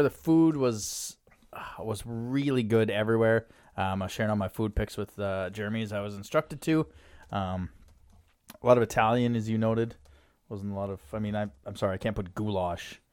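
A man's voice: fairly low pitch, fairly quick, darkish tone, clean tone, dry recording, clean studio sound. A man from Canada hosting a podcast, telling a travel story in a chatty way and laughing often. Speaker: podcast host. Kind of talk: casual podcast chat.

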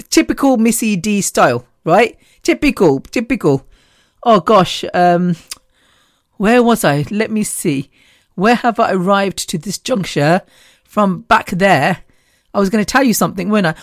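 A woman's voice: medium pitch, normal speed, no echo. A woman in a middle register talks straight into the mic, with a dry, close sound and no room around her. She rambles cheerfully from one story to the next, laughing often as she goes. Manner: chatty, laughs often, animated and digressive. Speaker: podcast host.

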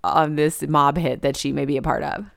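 A woman co-hosting a movie podcast, retelling scenes in lively casual chat and quoting characters. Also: low-pitched, moderate pace, gravelly, no echo, clean studio sound. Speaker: podcast co-host.

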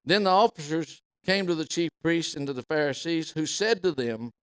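A man preaching, reading scripture calmly and then building into loud, slow, emphatic preaching. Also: a little high, clear, resonant tone, dry recording.

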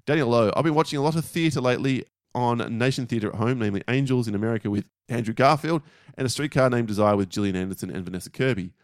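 A middle-aged man co-hosting a podcast, reading listener feedback in a dry, brisk way. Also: mid-range voice, no echo. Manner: dry, brisk, reads out messages. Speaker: podcast co-host.

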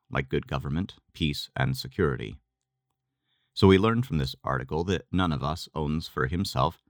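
A man giving a measured, deliberate scripted reading of a religious text. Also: a bass voice, a bit bright, dry recording, studio quality. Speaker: reader.

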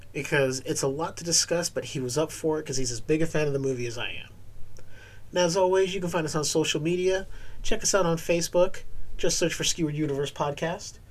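Laid-back podcast host, fairly high voice. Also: male voice, poor audio. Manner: relaxed, laughs often, lists links in a steady promo read. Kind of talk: casual chat and show outro.

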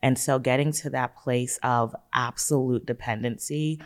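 A man's voice: mid-range voice, fairly even intonation, unhurried. Guy sharing a faith story, earnest and talky, medium voice. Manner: earnest storytelling, talks in long runs. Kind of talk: casual faith testimony.

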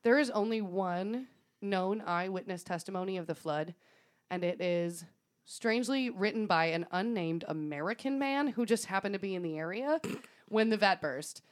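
A woman on a podcast recounts a story in relaxed, chatty fashion. Her pitch sits in an ordinary middle range, and she scatters fillers and the odd swear word through her telling. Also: moderate pace. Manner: laughs often, swears casually, fillers like "um" and "like". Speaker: podcast co-host. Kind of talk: casual storytelling chat.

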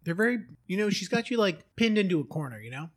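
A man co-hosting a podcast in casual comedic chat, laid-back and quick to laugh. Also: high voice, big pitch swings. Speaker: podcast co-host.

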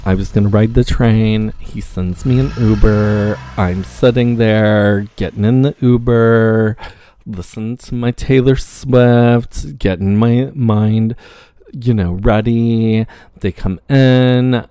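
A man telling a casual personal story, acting out the back-and-forth of the people in it with lively reactions. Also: on the low side, slow pace, smooth, dry recording. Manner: animated, acts out quoted exchanges.

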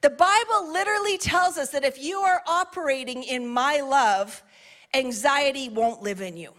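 A woman's voice: high-pitched, normal speed, a bit bright. A woman pastor delivering a sermon, earnest and emphatic, repeating key phrases and dropping in casual asides.

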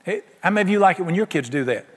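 Folksy preacher in a reverberant hall. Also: male voice, sits high, rapid-fire, husky. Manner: folksy, animated preaching with acted-out quotes. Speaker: pastor. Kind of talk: sermon.

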